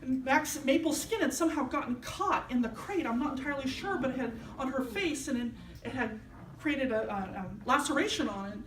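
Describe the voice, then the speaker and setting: A woman's voice: high voice, lively intonation, fairly quick. A woman minister giving a sermon, telling a personal story and acting out the voices of the people in it. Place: church sanctuary. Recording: echoey hall, mic at a distance.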